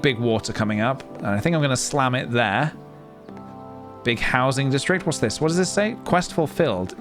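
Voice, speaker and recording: A young man chatting casually to his live-stream viewers as he plays a game, playful and chatty, with sudden excited squeals. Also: mid-range voice. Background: faint game music.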